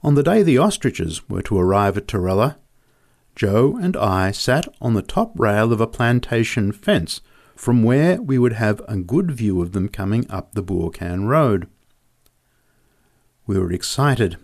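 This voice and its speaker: A man's voice: on the low side, big pitch swings, a little slow, vocal fry, darkish tone. A man narrating a story in a vivid, descriptive reading.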